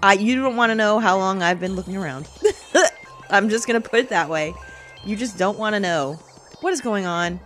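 A woman giving let's play commentary with loud, exasperated, profane outbursts. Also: medium pitch, moderate pace, long pauses, no room sound, faint music behind. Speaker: game commentator.

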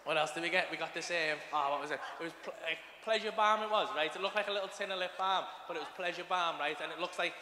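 Stand-up comic, high bright voice, crude sweary storytelling, live hall reverb. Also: male voice, quick pace, few pauses, slight background noise. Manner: crude, swearing, animated and chatty. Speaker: stand-up comedian. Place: live comedy venue, large hall.

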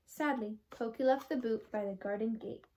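A teenage girl reading a children's picture book aloud in a clear, expressive way. Her voice sits fairly high, and she paces the story for young listeners. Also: normal speed. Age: teens. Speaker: storybook reader.

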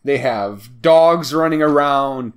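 A man's voice: mid-range voice, slow. A man co-hosting a podcast, chatting casually about a film, rambling with many fillers and frequent laughter. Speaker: podcast co-host. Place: small town.

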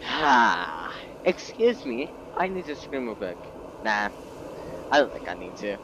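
A man's voice: medium pitch, sing-song, moderate pace, background noise. A man giving gameplay commentary, self-mocking and exasperated as things go wrong. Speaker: gameplay video creator.

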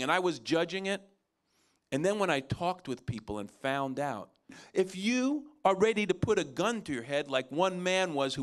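A man preaching a sermon, telling stories and acting out the people in them with big jumps in voice. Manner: animated, acts out quotes with big pitch jumps. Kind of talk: sermon storytelling.

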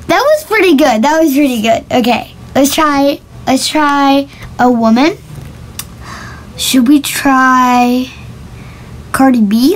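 A woman's voice: sits high, slow pace, long pauses, a little hiss or hum, poor audio. A female vlogger chatting casually to camera in a giggly, self-conscious way as she tries out a voice app.

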